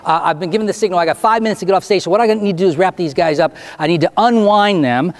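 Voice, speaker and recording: A man speaking as a stage hypnotist, answering student questions and giving slow, deliberate hypnotic suggestions in a school auditorium. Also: sits high. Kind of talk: Q&A talk and hypnotic induction to students.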